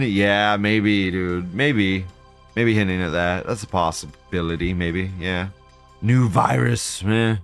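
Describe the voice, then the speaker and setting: A man hosting a live stream, reading viewer posts aloud and reacting with profane, scornful rants that swing between loud outbursts and low mutters. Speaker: livestream show host.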